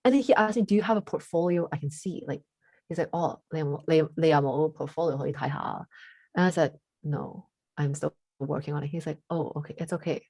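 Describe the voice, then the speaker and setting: A teenage girl with a deep voice, chatting casually as a podcast co-host and telling a story, full of fillers and switching into Cantonese now and then. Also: a little fast, dark tone, no room sound. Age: teens. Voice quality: deep voice for a woman.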